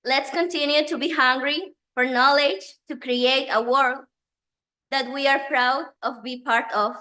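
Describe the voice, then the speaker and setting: A woman whose first language is Spanish gives a prepared graduation speech, nervous and emotional, reading with pauses. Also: sits high, steady tone, sharp tone.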